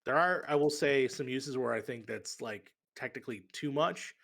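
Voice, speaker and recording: Gravelly-voiced man chatting as a guest. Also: medium pitch, moderate pace, fairly bright tone. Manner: laughs often, many fillers. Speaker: podcast guest. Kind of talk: casual chat.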